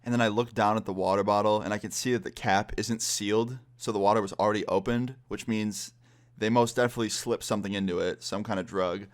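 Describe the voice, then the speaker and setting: A man's voice: on the low side, fairly even intonation. A young man telling a personal story in casual, swear-heavy talk full of "like.". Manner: swears a lot, fast conversational storytelling full of "like". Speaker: vlogger.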